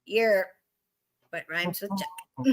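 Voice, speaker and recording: A woman's voice: mid-range voice, extremely slow, darkish tone. A woman co-hosting a casual chat, telling a joke in a giggly, rambling way and losing her place. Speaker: podcast co-host.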